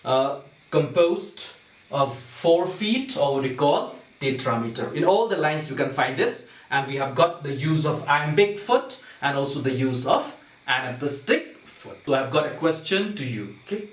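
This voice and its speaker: A male teacher walks a class through poetic meter, repeating each point and stopping to ask "okay?". He speaks very slowly and deliberately. His voice sounds distant from the mic in an echoey room. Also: a little high, lively intonation. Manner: slow, repetitive, checks understanding with "okay?".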